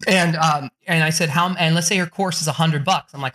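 Excitable, foul-mouthed man, bright and high. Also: a little fast, few pauses. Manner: excitable, profane, jokey, salesy. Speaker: author and book coach. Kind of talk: energetic podcast interview talk.

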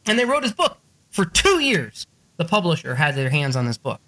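A man's voice: on the high side, wildly swooping pitch, normal speed, pushed and bright. A man coaching authors on the business behind their books, telling stories with lots of swearing and acting out the people he quotes. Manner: swears freely, acts out quoted people in a raised voice. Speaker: book business coach speaking to a group. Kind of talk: animated, profane storytelling talk.

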